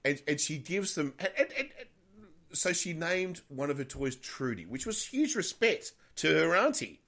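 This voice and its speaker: A man's voice: on the high side, very animated, moderate pace, fairly bright tone. A middle-aged man co-hosting a podcast, telling a rambling story in casual chat. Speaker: podcast co-host.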